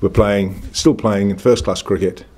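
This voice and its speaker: A man's voice: fairly low pitch, fairly even intonation, a little slow, a little mellow, slight background noise. A man in his sixties with a northern English accent, answering reporters at a press conference in a blunt, confident, plain-spoken way. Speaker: cricket club chairman.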